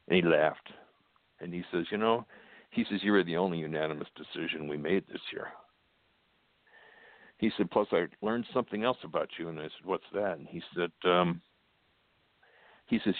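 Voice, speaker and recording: Older american guy, deep gravelly voice, telling a story over a tinny phone line. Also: no room sound. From United States. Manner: plainspoken, with fillers and quoted dialogue. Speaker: guest.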